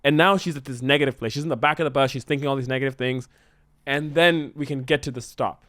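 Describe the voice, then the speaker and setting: A man brainstorming a story in casual chat, excitedly acting out the characters' lines. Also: medium pitch, quick pace, dry recording, clean studio sound. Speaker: co-host writing a musical.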